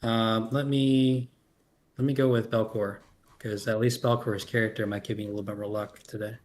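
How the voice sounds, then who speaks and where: A man playing a tabletop role-playing game, thinking aloud with many pauses and fillers. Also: fairly low pitch, flat delivery, a little mellow. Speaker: player.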